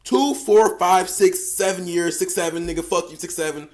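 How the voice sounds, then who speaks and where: A man's voice: high-pitched, moderate pace, darkish tone. A man giving dating advice as a coach in a casual, slangy, profane monologue, often repeating phrases and calling the listener bro. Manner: slangy, profane, emphatic street talk.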